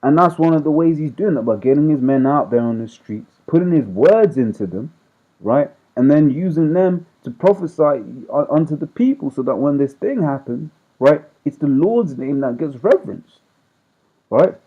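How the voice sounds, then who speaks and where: A man's voice: a little high, expressive, normal speed. A man teaching scripture informally as a street preacher. He reads verses aloud, explains them in slang, and keeps checking in with "right?". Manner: checks in with "right?" after nearly every point. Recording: tinny phone-like audio.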